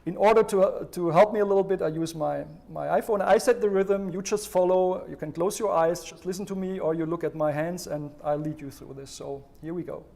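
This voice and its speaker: A man's voice: high-pitched, steady tone, brisk, creaky, hardly any pauses, a little mellow. A man presenting a health livestream, explaining stress relief and talking listeners step by step through a breathing exercise. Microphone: livestream microphone.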